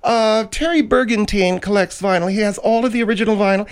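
A man's voice: high-pitched, brisk, clean tone, pitched above the performer's own voice, close to an everyday voice. A man voicing Margaret, a prim, easily offended woman co-host who lectures the others.

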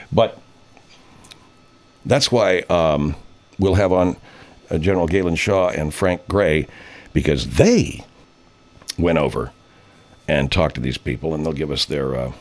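A man's voice: a bass voice, moderate pace, long pauses, darkish tone. A man over fifty, a radio host, telling a rambling, profane story in casual chat and putting on voices when he quotes people.

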